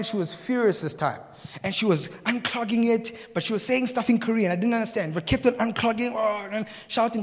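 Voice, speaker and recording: High-voiced storytelling pastor in a reverberant hall. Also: male voice. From South Africa. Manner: storytelling, laughs at own jokes, asks the congregation questions. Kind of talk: sermon. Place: church hall.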